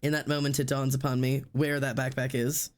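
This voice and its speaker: A man's voice: medium pitch, flat delivery, fairly quick. A male streamer telling a story in casual chat, rambling with lots of fillers and acting out what people said. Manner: rambling, filler-heavy, acts out quotes.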